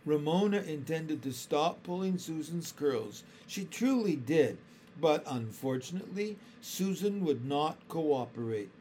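A man reads a children's chapter book aloud, taking his time over every sentence. His voice sits a little high for a man. A faint hiss runs behind the reading. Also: expressive, warm tone. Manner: slow, careful storytelling. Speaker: storybook reader.

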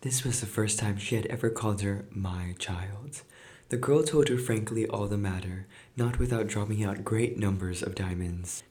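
Low-voiced man reading a fairy tale. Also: moderate pace, darkish tone. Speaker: podcast host and reader. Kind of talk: storybook reading.

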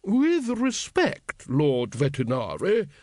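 A man's voice: a little high, huge pitch swings, slow, darkish tone, dry recording, studio quality, pitched above the performer's own voice, full character voice. A man voicing a doddering, pompous old wizard who rambles grandly. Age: older.

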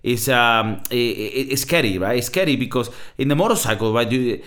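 A man imitating an excitable Italian motorcycle racer, speaking in an Italian accent and repeating himself as he stumbles over his English. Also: mid-range voice, natural voice. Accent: Italian, put on. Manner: halting, repeats himself, drops in Italian words.

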